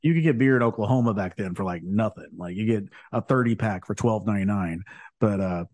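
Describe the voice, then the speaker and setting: A man's voice: on the low side, brisk, a little mellow, dry recording. Rambling laid-back man chatting. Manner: rambling, laughs often. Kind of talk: casual chat.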